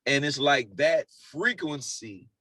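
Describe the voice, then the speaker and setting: A relaxed man talking through studio memories in an unhurried way, leaning on slang and casual asides. His voice sits in an ordinary middle range. The sound is dry and close, with no room echo. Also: medium pitch, slightly rough. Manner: laid-back storytelling with slang and repeated phrases. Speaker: music producer guest. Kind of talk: casual storytelling interview.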